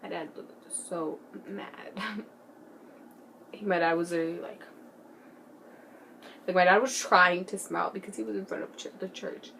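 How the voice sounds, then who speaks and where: A teenage girl telling a story in a casual vlog, excitable and giggly, full of "like" and "bro", sometimes dropping to a hushed whisper. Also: on the low side, moderate pace, vocal fry, long pauses, slight background noise. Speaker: vlogger.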